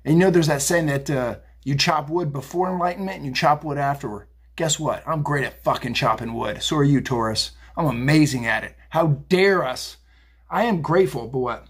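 Husky man ranting with profanity. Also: on the high side, a little fast. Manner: blunt, swearing, fired up, rambling. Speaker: tarot reader. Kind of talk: casual profane psychic rant. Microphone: phone video.

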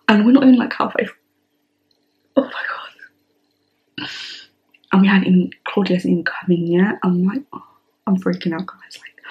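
A woman in her twenties hosting a song reaction vlog, gushing and excitable, sometimes dropping to breathy whispers. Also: medium pitch, muffled recording. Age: 20s. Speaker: reaction channel host.

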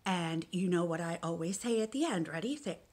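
A young woman teacher reading a picture book aloud to young children, soft and sing-song. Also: on the low side, lively intonation, brisk. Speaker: preschool teacher.

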